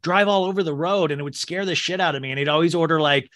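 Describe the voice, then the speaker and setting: A man hosting a podcast who tells stories in an animated, playful way. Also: a little high, fast, no room sound, studio quality. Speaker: podcast host. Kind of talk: casual podcast chat.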